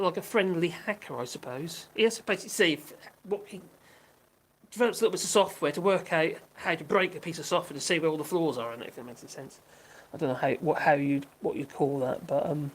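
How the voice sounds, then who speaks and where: An older woman with a fairly low, slightly mellow voice chats casually as a livestream host. Reading viewer comments aloud, she rambles and keeps giggling and restarting.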